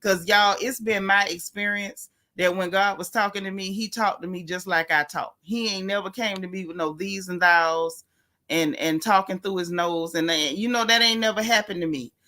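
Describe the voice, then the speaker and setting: A woman chats live with her viewers, her voice clear and bright. She speaks frankly and with feeling about faith, breaking off to greet people by name. The delivery stays casual and conversational throughout. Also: mid-range voice, steady tone, moderate pace. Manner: chatty, greets viewers by name between thoughts; frank, heartfelt, faith-filled talk. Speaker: livestream host. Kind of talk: casual livestream chat.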